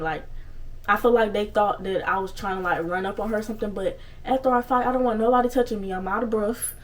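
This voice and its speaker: A young woman telling a story casually on her vlog, animated and swearing freely, with lots of asides. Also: medium pitch, far from the mic, low-quality recording. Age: young adult. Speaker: storytime vlogger.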